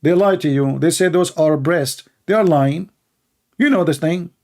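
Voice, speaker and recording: A man hosts a call-in show in a mocking monologue, scornful and sarcastic. His voice sits a little high for a man. His grammar is broken, and he keeps firing rhetorical questions. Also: moderate pace, a little mellow. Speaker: show host taking calls.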